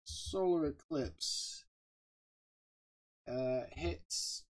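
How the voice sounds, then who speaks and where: Man, game streamer, casual live chat, shout-outs to viewers, jokey, laughs a lot, loud excited bursts. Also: on the high side, very slow.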